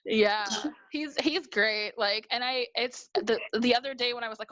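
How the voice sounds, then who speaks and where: A woman from New York, a guest on a video call, telling a story in animated casual chat, acting out quotes and laughing often. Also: on the high side, moderate pace, no room sound, lo-fi sound.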